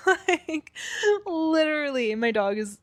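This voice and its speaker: Chatty woman podcast host. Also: medium pitch. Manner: chatty and animated, swears casually. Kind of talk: casual solo podcast chat. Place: room that sounds a little echoey. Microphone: built-in device mic, external microphone left unplugged.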